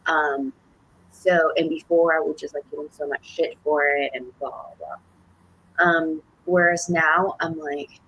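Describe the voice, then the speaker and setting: A woman's voice: sits low, fairly even intonation, unhurried, a bit bright, dull audio. A young woman telling a personal story on a podcast, rambling with many fillers and restarts and casual swearing. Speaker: podcast co-host.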